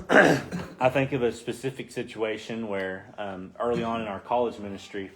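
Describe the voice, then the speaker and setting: A man leading a casual Bible study, acting out the quoted voices with rising pitch. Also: normal speed, a bit bright.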